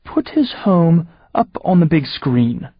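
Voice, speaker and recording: A gloating alien overlord with a fancy English accent, his voice pitched well above the narrator's own and pushed louder, sneering slowly through every taunt, as a man puts him on. The audiobook recording is dry and a little muffled. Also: big pitch swings, husky, no echo, exaggerated voice. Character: smug mocking male alien overlord, gloating show-off.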